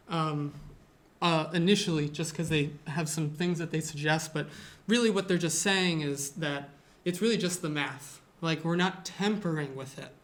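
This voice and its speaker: Chatty teacher in a loose lecture. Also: medium pitch. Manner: loose and chatty, with frequent fillers and self-corrections. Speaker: music teacher. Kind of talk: casual lecture.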